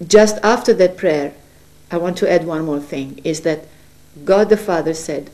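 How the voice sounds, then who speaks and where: A woman giving an earnest, gentle spiritual testimony at her home, sometimes searching for words as she speaks. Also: lowish voice, a little slow. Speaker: religious speaker. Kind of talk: personal spiritual testimony to camera.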